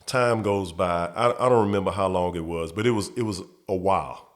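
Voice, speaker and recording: Low-voiced male host, relaxed storyteller who repeats words as he goes. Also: fairly quick. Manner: repeats and restarts words, acts out quotes. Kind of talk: casual storytelling.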